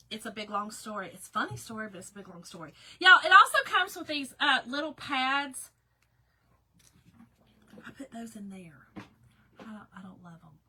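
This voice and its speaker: Bright-voiced folksy Southern woman. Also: fairly high pitch, a little hiss or hum. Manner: folksy, chatty, greets viewers by name. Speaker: craft livestream host. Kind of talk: live craft tutorial chat.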